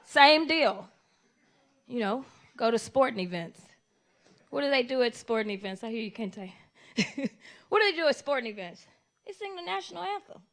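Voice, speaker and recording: A woman performing live stand-up comedy at a church comedy event, working the audience in an animated, conversational way. Her voice sits high and bright. It swings widely in pitch. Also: normal speed, pauses often.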